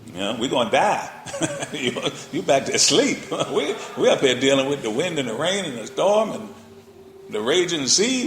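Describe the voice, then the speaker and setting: A man's voice: mid-range voice, sing-song, normal speed. A male pastor preaching a sermon in a colloquial, playful way, often checking in with his listeners. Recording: roomy echo.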